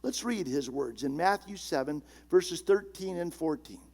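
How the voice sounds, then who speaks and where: A male pastor preaching a sermon, emphatic, slowing down and dropping low and soft on key words. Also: lively intonation.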